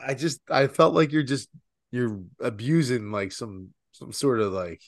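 A man's voice: medium pitch, unhurried, no echo, clean studio sound. Rambling man in casual podcast chat. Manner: rambling, many "like" fillers. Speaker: podcast co-host.

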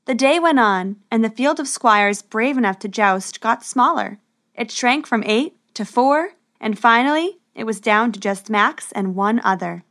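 A woman narrating a storybook adventure in a steady, expressive way. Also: a little high, unhurried.

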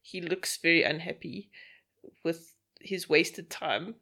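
A woman with a slightly low voice retells the plot in a steady, casual way. She moves through the story scene by scene. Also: takes it slowly. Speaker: podcast co-host. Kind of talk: casual chat, narrating plot.

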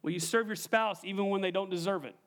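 A pastor preaching a sermon, emphatic and direct, often asking the congregation questions. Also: male voice, high-pitched, fast talker.

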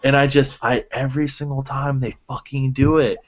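A young man holds forth on a podcast, worked up and swearing as he mocks the people he is describing. His voice sits at an ordinary pitch, and the recording is a bit dull and lo-fi. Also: normal speed. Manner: animated, profane ranting with mimicking quotes. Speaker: podcast co-host. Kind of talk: casual chat.

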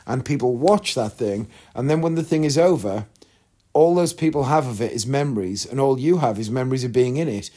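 A vlogger with a mid-range, dark-toned voice tells a long story in a casual vlog. He's frank and chatty, rambling through asides and acting out what other people said.

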